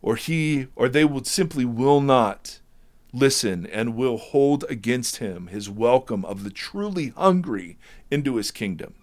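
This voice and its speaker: A man talking about Jesus and scripture in a relaxed conversation, emphatic, sometimes teary and emotional. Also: medium pitch, measured pace. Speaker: Bible teacher in discussion. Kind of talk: conversational Bible discussion.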